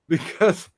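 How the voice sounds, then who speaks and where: A man hosting a podcast, talking casually and haltingly with frequent pauses. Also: no echo, studio quality. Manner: halting, many fillers and restarts. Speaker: podcast host.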